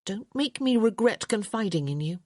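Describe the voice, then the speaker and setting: A woman's voice: medium pitch, animated, moderate pace, a little mellow, no echo, studio quality, pitched above the performer's own voice, lightly acted. A woman voicing a tart, impatient young lady who bickers with her brother in an audiobook. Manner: tart and firm.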